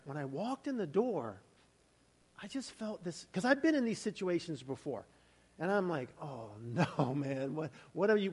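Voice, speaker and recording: A male pastor giving a sermon, shifting from scripture readings into a lively conversational story. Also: fairly high pitch. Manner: conversational storytelling, animated retellings. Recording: hall reverb.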